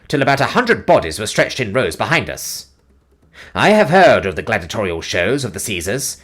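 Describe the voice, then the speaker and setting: A man giving a dramatic, highly expressive scripted audiobook narration.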